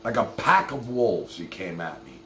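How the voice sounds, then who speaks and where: A man's voice: low voice, sing-song, normal speed, a bit bright, echoey room, slight background noise. A man hosting a casual livestream, talking animatedly straight to his chat. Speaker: livestream host.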